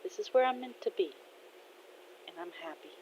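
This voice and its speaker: A woman voicing a gentle, goofy middle-aged father who speaks softly and reflectively. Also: mid-range voice, expressive, moderate pace, close to an everyday voice. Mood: wistful. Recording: dull lo-fi audio with faint noise.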